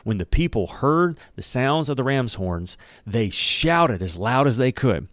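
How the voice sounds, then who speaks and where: A man giving a casual Bible teaching. He tells the story in a lively way, reads the verses aloud, and acts out the characters' lines with a laugh. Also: mid-range voice, measured pace, no echo, studio quality. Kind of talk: conversational Bible teaching with scripture reading.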